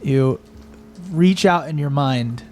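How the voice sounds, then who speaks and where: A man's voice: medium pitch, a little mellow, soft background music. A man narrating as game master in a tabletop game, often restarting his sentences and slipping into character voices. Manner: acts out NPC voices, halting with restarts.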